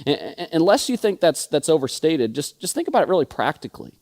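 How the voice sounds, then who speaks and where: A man's voice: fairly high pitch, very animated, fast, darkish tone. A male pastor in his thirties preaching a sermon, telling stories and often stuttering and repeating words. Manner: frequent stutters and word repeats; storytelling, acting out quoted friends.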